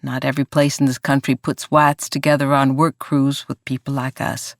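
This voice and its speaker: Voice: mid-range voice, little pitch movement, normal speed, dry recording, studio quality, close to an everyday voice. A narrator voicing a drawling laborer. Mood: wry. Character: wry Appalachian mountain laborer, grown man.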